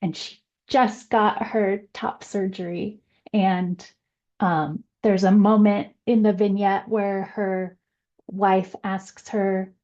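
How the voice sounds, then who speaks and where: A woman on a panel telling a story slowly and gently. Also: mid-range voice, steady tone, dull audio. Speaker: presenter. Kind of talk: casual panel talk.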